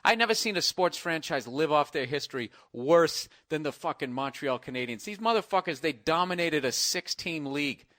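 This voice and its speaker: Brash, bright-voiced man ranting. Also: fairly high pitch, animated, moderate pace, hardly any pauses, no room sound, studio quality. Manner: profane, riffing, rants loudly. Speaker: comedian co-host. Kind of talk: casual comedy chat.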